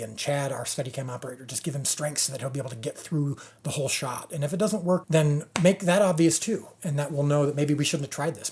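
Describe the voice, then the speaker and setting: A man who directs a TV series, telling a story from the set in a casual way and acting out what people said. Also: medium pitch. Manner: animated storyteller, acts out quotes. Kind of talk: casual recollection to camera.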